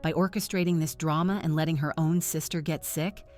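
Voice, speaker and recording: A domineering rich father, middle-aged, who bellows his contempt and then slides into a calm, deceptively reasonable tone, as a woman narrator puts him on. The voice sits low, with faint music behind it. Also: fairly quick, close to an everyday voice. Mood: cold. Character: blustering wealthy father, middle-aged man.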